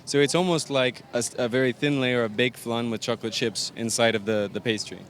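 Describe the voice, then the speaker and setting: Faint outdoor traffic can be heard as an Arizona bakery owner and pastry chef, interviewed on location, goes into detail about his pastries with fillers. His voice is mid-range, steady, and fairly quick.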